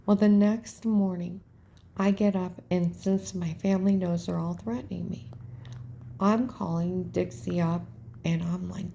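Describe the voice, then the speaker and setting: A woman's voice: fairly low pitch, steady tone, a little slow, creaky, dark tone, slight background noise. A woman telling a personal story in a rambling, emphatic way, often dropping to a whisper. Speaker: storyteller recounting events.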